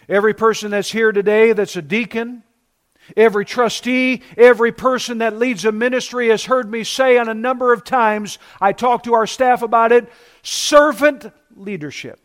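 This sermon comes from a pastor in his fifties whose voice is extremely high. His manner is forceful, and he slows down to lean on key words.

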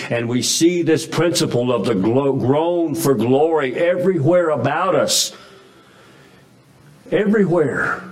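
A man's voice: mid-range voice, darkish tone, poor audio. A man preaching a sermon in a folksy, emphatic way, with frequent restarts and chuckles. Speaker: pastor.

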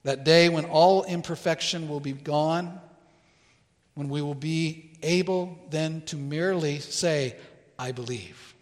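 A man preaching a sermon as pastor in a church, earnest and deliberate, pausing to stress key words. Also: fairly high pitch, big-room sound. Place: church sanctuary.

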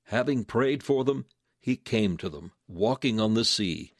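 A man announcing a radio program in measured, scripted narration. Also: on the low side, expressive, no echo, clean studio sound.

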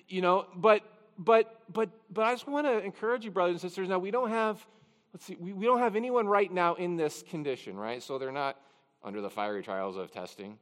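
A man's voice: high-pitched, moderate pace, long reverb tail. A man pastor preaching a conversational expository sermon, with chatty, self-deprecating asides. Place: church sanctuary.

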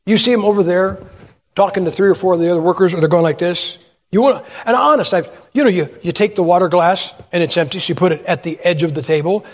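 An older pastor preaches quickly in a high voice, telling stories and putting questions to his audience. His voice fills a large hall.

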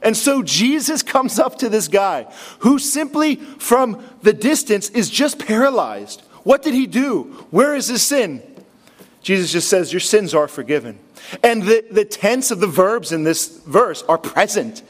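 A man, a pastor, preaching a sermon with earnest, emphatic delivery, repeating key phrases and dropping to a low, hushed voice when quoting. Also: big pitch swings, measured pace. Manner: drops to a low, hushed voice to quote Jesus.

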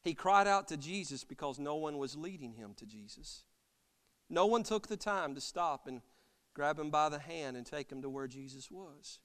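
A man preaching an impassioned sermon as pastor, swinging from loud cries to soft, quiet lines. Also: a little high, expressive, moderate pace. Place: church sanctuary. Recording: long church reverb.

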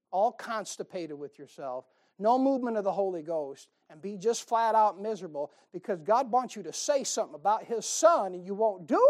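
Pastor, male, folksy sermon delivery: rhetorical questions, playful asides, swings from hushed to loud. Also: high voice. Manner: folksy, animated preaching with rhetorical questions and humor.

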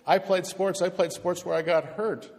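Guy preaching hard in a church, kinda high voice, repeats stuff for punch, big echoey reverb. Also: fairly even intonation, moderate pace, a little mellow. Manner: passionate, emphatic, repeats words for stress. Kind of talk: sermon. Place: church, speaking to pastors in the room.

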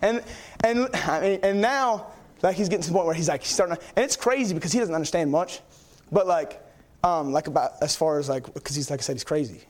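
Preaching in a church, a young man tells stories in an excitable, wandering manner with lots of fillers. His voice is a little high, and he talks fast.

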